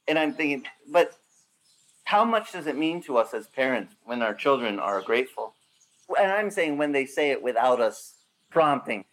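A man, a pastor, preaching a sermon with lively acted-out quotes and a rising, emphatic delivery. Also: medium pitch, a little hiss or hum.

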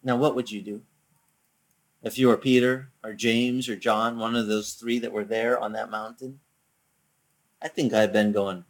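A man preaching a sermon as pastor, conversational and animated, acting out quotes from the story. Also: fairly low pitch, measured pace, long pauses.

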